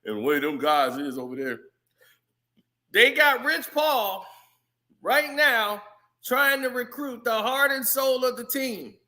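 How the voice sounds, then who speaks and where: A man giving casual, animated sports commentary on his channel, laughing often. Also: very high voice, takes it slowly, long pauses. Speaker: YouTube commentator.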